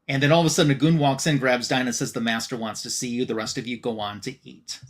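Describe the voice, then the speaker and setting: A man's voice: medium pitch, fairly even intonation, fast. Casual man recapping a comic aloud. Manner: retelling a comic plot with loose quoted dialogue, many fillers. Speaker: podcast co-host.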